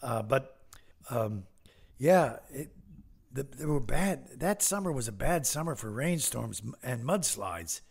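Gravelly older man rambling through stories. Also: mid-range voice, expressive, darkish tone. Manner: rambling, halting with many fillers and restarts. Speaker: podcast guest, comedian. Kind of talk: casual anecdotes.

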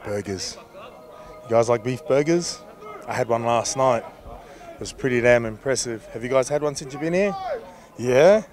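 A man's voice: mid-range voice, normal speed, pauses often, darkish tone, soft background music. A young Australian man, a rugby league player, chatting playfully outdoors and throwing questions back at the interviewer. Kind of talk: casual interview chat.

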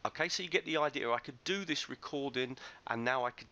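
Recorded muffled through a computer mic, a medium-pitched man speaks briskly in a pushed, bright voice. As a teacher trainer running a screencast tutorial, he's chatty and enthusiastic, restarting sentences loosely as he explains.

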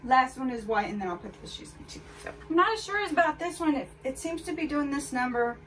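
Fast-talking and animated, a fashion vlogger with a high, fairly bright voice chats candidly during her clothing try-on haul. The mic sits a bit far from her, and faint background noise is audible.

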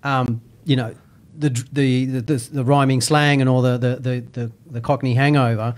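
A man from the UK chatting casually, animated, with many restarts and repeated words. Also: medium pitch, moderate pace. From United Kingdom. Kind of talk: casual chat.

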